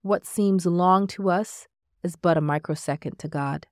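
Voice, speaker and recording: A woman reading a devotional book aloud in measured scripted narration, marking each quotation as she goes. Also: on the low side, darkish tone, dry recording, studio quality.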